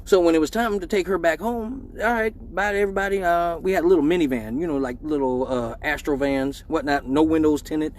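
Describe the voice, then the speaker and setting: A man's voice: a little high, fairly quick, few pauses, slight background noise. A middle-aged man, hosting a live stream and telling a profane story in a casual way, acting out the voices in it. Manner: animated, profane, acts out voices in his story. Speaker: live show host.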